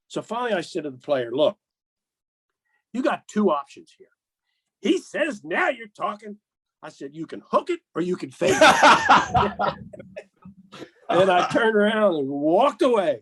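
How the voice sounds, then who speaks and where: Animated older man telling golf stories. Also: high voice, slightly rough, dry recording, low-quality recording. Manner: animated storyteller, acts out dialogue, chuckles. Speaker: podcast guest, golf rules official. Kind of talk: casual anecdote telling.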